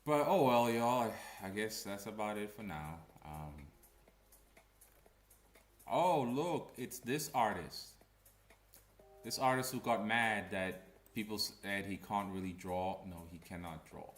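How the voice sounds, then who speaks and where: A man's voice: fairly low pitch, slow pace, long pauses. Blunt ranting man in echoey room. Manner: blunt and animated, with slangy asides. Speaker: comic creator and commentator. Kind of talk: casual ranting commentary.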